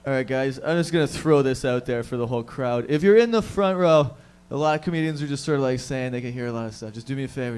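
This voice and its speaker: A man's voice: mid-range voice, a little fast, few pauses, darkish tone, slight background noise. A man hosting a stand-up comedy show, bantering loosely with the crowd and swearing freely. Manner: loose, profane, crowd-hyping. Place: comedy show stage before a live crowd.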